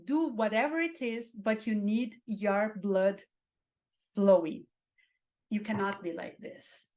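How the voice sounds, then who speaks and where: A woman with a Spanish accent, a native Spanish speaker, giving interview coaching and acting out dull and excited ways of talking. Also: mid-range voice, slow pace. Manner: animated, demonstrates dull and excited delivery. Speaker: career mentor.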